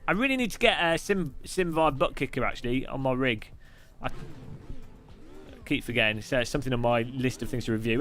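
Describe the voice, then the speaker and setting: A man's voice: medium pitch, brisk, fairly bright tone. A man from the UK hosting a live stream, answering questions while racing, with joking, irreverent chatter.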